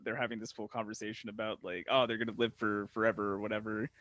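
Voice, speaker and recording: A man's voice: fairly low pitch, little pitch movement, fast talker, fairly bright tone, dry recording, highs cut off. A young man co-hosting a casual show review, joking in slang and laughing often. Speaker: podcast co-host.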